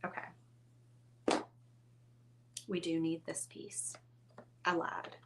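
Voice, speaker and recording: A woman's voice: deep voice, completely flat delivery, extremely slow, creaky, pauses often, a little hiss or hum. A woman hosting a casual painting tutorial, chatty and self-teasing as she talks straight to her viewers while she works at a crafting table.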